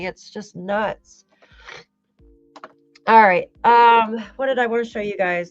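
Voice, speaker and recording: A woman's voice: on the high side, no room sound, highs cut off. A woman hosting a true crime livestream, talking emotionally and thanking viewers as she rambles. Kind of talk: casual livestream commentary.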